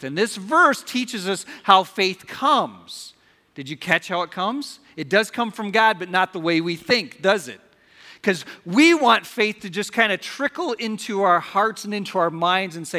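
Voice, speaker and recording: A man preaches to his congregation in a high-pitched, bright voice. He keeps asking questions and has them repeat verses back to him. The sound carries the long reverb of a church sanctuary. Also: expressive, moderate pace. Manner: interactive, asks congregation questions and leads call-and-response. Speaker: pastor. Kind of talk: sermon. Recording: live hall with long reverb.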